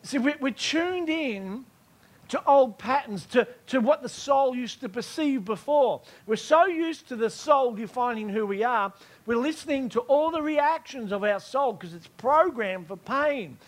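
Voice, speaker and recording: A man's voice: very high voice, animated, unhurried. A man preaching a sermon with emphasis, repeating key phrases and asking his listeners whether they heard him.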